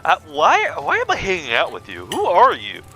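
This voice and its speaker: A man doing let's play commentary, jokey and excitable, swearing freely while reading game text aloud. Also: high-pitched, normal speed, poor audio. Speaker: gaming streamer.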